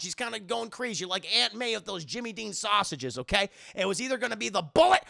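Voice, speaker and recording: A man casually recapping a movie on a live stream, excitable and swearing as he talks to his chat. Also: high-pitched, gravelly.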